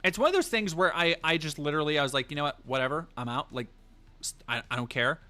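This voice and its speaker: A man's voice: a little high, animated, quick pace, pushed and bright, faint music behind. A man streaming live, telling a rambling, profane story in casual chat with many fillers and restarts.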